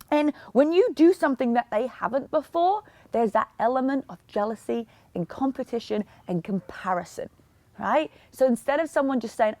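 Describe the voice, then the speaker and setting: Lively high-voiced woman giving a pep talk. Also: dry recording. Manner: energetic, emphatic, mimics other people in asides. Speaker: podcast host and fitness coach. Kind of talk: motivational talk.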